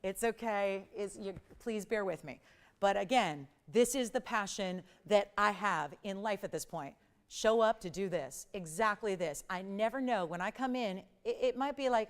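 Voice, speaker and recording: A middle-aged woman hosting a live jewelry shopping show, hoarse from a strained voice, chatty and fast-talking with joking asides. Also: medium pitch. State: hoarse, losing her voice. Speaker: shopping channel host. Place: TV studio.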